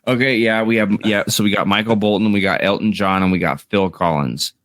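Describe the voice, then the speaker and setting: A relaxed man in his thirties, talking in a loose, rambling way and swearing casually. His voice sits on the low side. The sound is dry and close, with no room around it. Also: a little fast, dry recording. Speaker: co-host. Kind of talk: casual chat.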